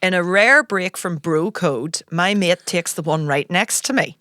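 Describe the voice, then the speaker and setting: A woman's voice: on the low side, expressive, a little slow, bright, forceful tone, no room sound, clean studio sound. A woman hosting a podcast, reading a funny story aloud and laughing often. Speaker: podcast host.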